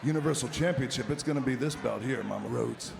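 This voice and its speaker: A man cutting a menacing wrestling promo, taunting an opponent and speaking of himself in the third person, swinging from low growls to shouts. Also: fast, creaky, over loud music. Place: large arena. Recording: roomy arena sound, faint crowd noise.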